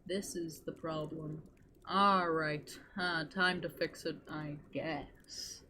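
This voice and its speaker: A woman voicing a calm, practical young man who sorts out problems in a matter-of-fact, slightly weary way. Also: low voice, slow pace, a little hiss or hum, full character voice.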